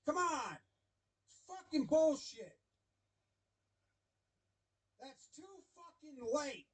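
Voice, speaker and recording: A man voicing an enraged baseball manager who swears and protests loudly. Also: very high voice, animated, extremely slow, voice pushed up, heavily acted. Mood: furious. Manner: shouting, profane, indignant.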